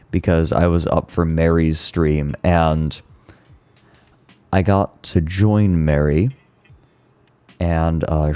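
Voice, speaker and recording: A man's voice: rumbling low, mellow, no room sound. A male streamer chatting casually and sounding tired, rambling and stumbling over his words. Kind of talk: casual chat.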